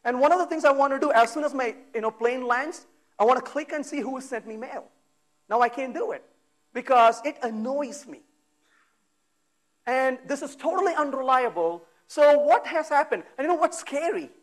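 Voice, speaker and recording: A man giving a technical talk at a conference, talking in a lively way, firing off rhetorical questions and acting out exasperated asides. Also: very high-pitched, normal speed. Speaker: conference speaker. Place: conference hall.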